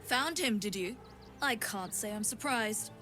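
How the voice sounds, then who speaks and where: Curt dog-owning courier, mid-height voice, game music under. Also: female voice, mid-range voice, expressive, measured pace, sharp tone. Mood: dry. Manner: curt, domineering. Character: harsh, possessive woman courier who owns a dog. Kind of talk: video game voice acting.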